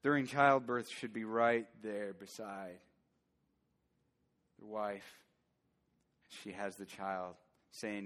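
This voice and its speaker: A man's voice: lowish voice, steady tone, slow pace, pauses often, a bit bright. A man preaching a sermon as pastor, earnest and building to fervent emphasis. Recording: long church hall reverb.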